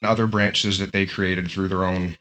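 A man telling a personal story in a casual, animated way, with lots of fillers and restarts. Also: low-pitched, moderate pace.

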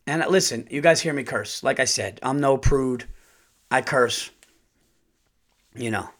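A comedian tells a story on his podcast at a quick, loose clip. His voice sits in a middle pitch, and he is full of asides, restarts and casual cursing. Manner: rambling, profane, animated storytelling.

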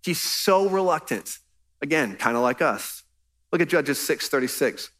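A man's voice: a little high, animated, measured pace, a bit bright. A man preaching a sermon as pastor, earnest and conversational, pressing his points with emphasis.

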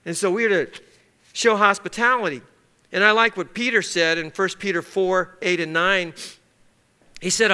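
A man preaching in an easy, conversational way, often checking in with his listeners. His voice sits high for a man and sounds very bright and forceful. He slips into quick little acted-out exchanges to make his point. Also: clean tone. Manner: conversational, asks the congregation to circle words, acts out little scenes. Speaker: pastor. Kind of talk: sermon.

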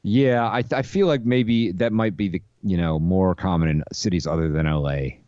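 Man, podcast co-host, lowish voice, laconic delivery, dull dry audio. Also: a little mellow, no room sound. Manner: dry, laconic, quick jokey asides. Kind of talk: casual comedic chat.

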